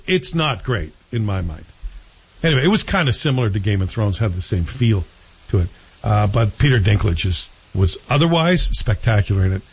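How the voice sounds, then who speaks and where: A man hosts a casual chat show where he reviews a TV series, rambling through his opinions and frequently correcting himself. His mid-range voice has a breathy edge, and the recording sounds dull and lo-fi.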